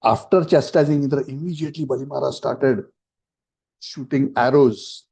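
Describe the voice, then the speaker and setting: A man's voice: medium pitch, fairly even intonation, normal speed, gravelly, darkish tone, husky. A man teaching a scripture class, telling the story with acted quotes and asides, on a dull lo-fi recording.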